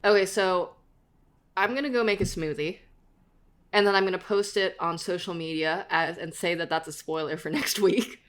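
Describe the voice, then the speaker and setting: A woman's voice: lowish voice, steady tone, moderate pace, fairly bright tone. A woman hosting a podcast who banters playfully, laughs easily, and runs through the show's closing credits. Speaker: podcast host. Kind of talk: casual chat.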